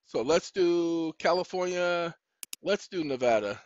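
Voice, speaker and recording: Slightly high but darkish in tone, his animated voice moves at an unhurried pace on a dull, lo-fi, dry recording. The host of his own online show, he chats casually while searching on his computer, scolding it aloud and spelling words out letter by letter.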